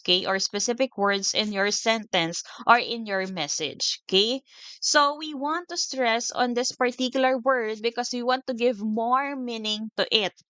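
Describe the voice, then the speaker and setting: A woman's voice: fairly high pitch, a bit bright, no room sound. A woman teacher with a Filipino accent giving a recorded lecture, switching between languages and checking in with "okay?" after most points.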